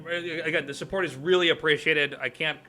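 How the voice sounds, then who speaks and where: Stream host guy casting, chatty, super bright tone, kinda high. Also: fairly even intonation, fairly quick, faint music behind. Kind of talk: casual stream commentary.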